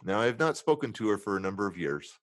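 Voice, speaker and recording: A middle-aged man, a guest in a conversation, candidly telling a painful personal story in an earnest, emotional way, dropping low and quiet at the hardest moments and acting out his inner dialogue. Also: sing-song, fast talker, dry recording. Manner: acts out inner dialogue in different tones.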